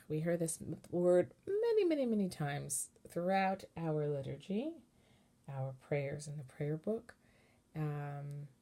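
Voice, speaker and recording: Lady cantor w a lowish voice walking thru torah chanting, patient, sings bits as she goes. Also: gravelly, warm tone. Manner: patient, explanatory, breaks into short chanted phrases. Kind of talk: informal online lesson with sung examples.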